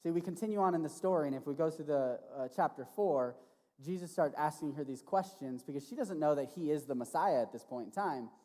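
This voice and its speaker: A man preaching as a youth pastor to teenagers, casual and animated, often checking in with "right?". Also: a little high, brisk. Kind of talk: sermon to teenagers. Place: church hall. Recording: long reverb of a large hall.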